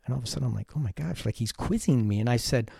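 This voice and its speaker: A middle-aged man hosting a teaching podcast, telling a personal story in an earnest, animated way with self-deprecating humor. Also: mid-range voice, racing, gravelly, slightly rough, no echo, clean studio sound. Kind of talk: storytelling monologue.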